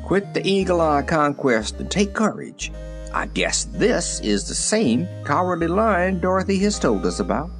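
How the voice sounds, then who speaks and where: A man reading aloud and voicing a plain old farmer with a husky voice. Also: a little high, very animated, unhurried, soft background music, pitched above the performer's own voice. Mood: relieved.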